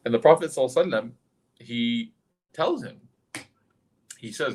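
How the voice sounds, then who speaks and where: Guy teaching a sermon like he's telling a story, chatty, mid pitch, keeps asking "right?". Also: fairly quick, pauses often. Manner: animated, conversational, asks the listeners questions. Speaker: religious teacher.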